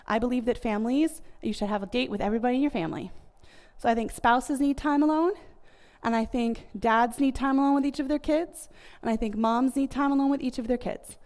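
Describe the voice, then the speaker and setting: A woman's voice: a little high, a little mellow. A woman in her thirties with an American accent, speaking casually to an audience about family communication, with many fillers. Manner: chatty, many fillers like "like" and "you know".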